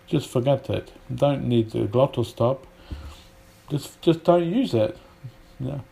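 A British man teaching English pronunciation in a podcast lesson, repeating example words aloud slowly with pauses. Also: mid-range voice, creaky, mellow, breathy edge. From United Kingdom.

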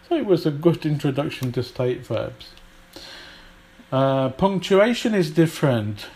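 A man gives a relaxed English lesson at an unhurried pace. His voice sits in an ordinary middle pitch, and he chats and thinks aloud, often pausing on fillers and restarting his sentences. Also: a little hiss or hum, low-quality recording. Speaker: English teacher. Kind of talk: casual spoken lesson.

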